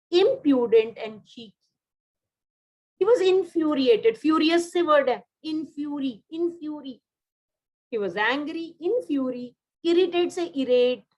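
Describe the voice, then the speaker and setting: A woman's voice: high voice, darkish tone, rough recording. A woman with an Indian English accent teaching a vocabulary class online, repeating key words and slipping into Hindi.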